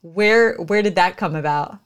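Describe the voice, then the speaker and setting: Female podcast host, low-pitched, reflective and gently searching in her questions. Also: unhurried, clear, resonant tone. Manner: reflective, searching for words with fillers. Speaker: podcast host and elementary school principal. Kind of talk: casual interview.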